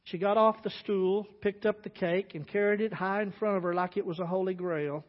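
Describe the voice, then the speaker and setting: A man preaching a sermon as a pastor, telling a story in an animated way, acting out voices. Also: sits high, brisk, few pauses. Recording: dull sound with long hall reverb.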